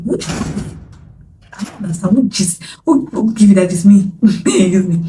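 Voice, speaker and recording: A woman's voice: mid-range voice, normal speed, dark tone, a little hiss or hum. Nigerian woman telling a story, echoey room. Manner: candid, dramatic storytelling, drops to whispers. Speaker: vlogger. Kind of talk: storytime vlog. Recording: roomy echo, distant from mic, faint ambience.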